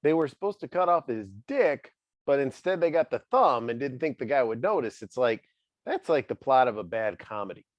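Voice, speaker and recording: A man hosts a loose interview, offering wry asides with a lively, swinging pitch. His voice is close and dry, with a slightly dull, muffled tone. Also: normal speed, dry recording. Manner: wry, animated commentary. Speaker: podcast host. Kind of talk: casual interview chat.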